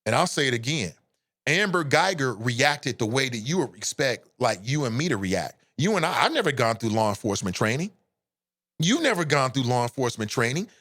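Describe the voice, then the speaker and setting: A man's voice: mid-range voice, big pitch swings, a little fast, fairly bright tone. A man hosting a live show at home, giving blunt, impassioned and profane opinion commentary.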